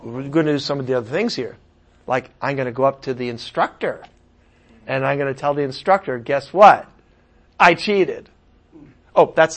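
Guy preaching a sermon, kinda high voice, animated, loud bits then mumbled asides. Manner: animated, swings from loud emphasis to muttered asides.

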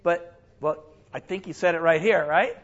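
High-voiced man teaching the Bible, lo-fi. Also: moderate pace. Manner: lively, exclaims and self-corrects often.

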